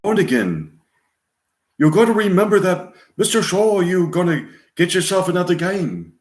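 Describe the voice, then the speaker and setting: A menacing Irish mob boss lays down a warning, pitched high and pressing hard on each word, as a man puts him on. The echo of a bare room follows him. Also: very animated, moderate pace. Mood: threatening. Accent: attempted Irish. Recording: roomy echo.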